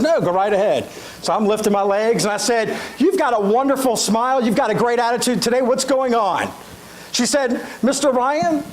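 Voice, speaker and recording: A man's voice: high-pitched, rough recording. A middle-aged man, giving a storytelling motivational keynote and speaking straight to the audience. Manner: animated, addresses audience directly.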